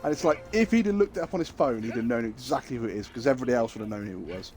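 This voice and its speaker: A man's voice: mid-range voice, animated, rapid-fire, a little mellow, soft background music. A man streaming live, telling crude, jokey stories in a rambling, casual way.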